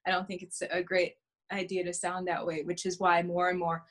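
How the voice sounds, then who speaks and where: A woman journalist answering questions in a casual interview, speaking in a clear, measured way. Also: fairly low pitch, level tone.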